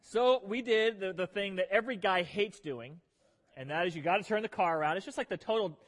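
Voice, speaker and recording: Man, pastor, high voice, animated joking sermon, long hall reverb. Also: a little fast. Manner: animated, joking, self-deprecating. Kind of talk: humorous sermon storytelling. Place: church sanctuary.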